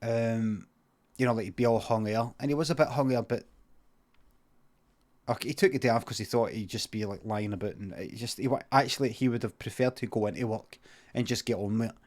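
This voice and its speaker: A man with a Scottish accent telling an improvised comic story on a livestream, rambling and deadpan with many asides. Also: medium pitch, brisk. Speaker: comedian and streamer.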